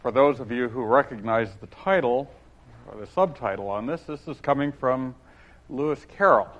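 A preacher leads his listeners in an earnest, measured prayer and then moves into his sermon. His voice sits at a middling pitch. The recording is muffled and lo-fi. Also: fairly bright tone. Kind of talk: sermon with prayer and read-aloud story. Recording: dull lo-fi recording.

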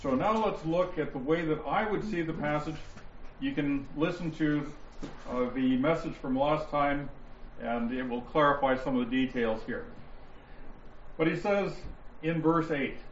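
A man teaching a Bible study class, explaining points deliberately and stressing key words, with listeners answering him. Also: fairly high pitch, a little hiss or hum. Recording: roomy, dull lo-fi sound with faint ambience.

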